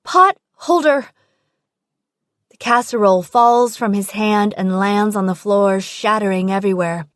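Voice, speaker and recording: A woman's voice: mid-range voice, steady tone, normal speed, hardly any pauses, no room sound, clean studio sound. A woman narrating a first-person audiobook in an intimate, present-tense storytelling manner.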